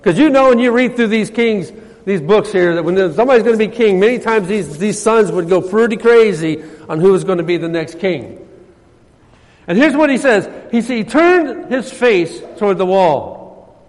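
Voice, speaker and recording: A preacher man with a high voice delivers a sermon, rising to loud emphasis and dropping to near-hushed tones. His voice rings with the long reverb of a church hall. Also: expressive, moderate pace. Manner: swings between loud emphasis and soft, hushed passages. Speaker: pastor.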